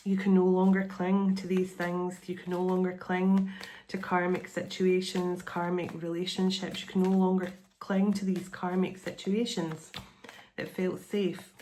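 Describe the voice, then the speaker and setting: A woman's voice: lowish voice, level tone, measured pace, mellow, slight background noise. A middle-aged woman giving a channeled spiritual card reading, meandering and repeating phrases in an earnest, reassuring way. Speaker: tarot and oracle card reader.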